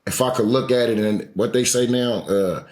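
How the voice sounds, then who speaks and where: A man's voice: medium pitch, normal speed, a little mellow, reverberant. A man hosting a podcast in casual chat, loose and full of slang. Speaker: podcast host.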